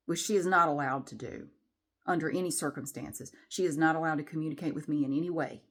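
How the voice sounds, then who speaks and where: A woman vlogger telling a story to camera in an animated, exasperated way. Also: sits low.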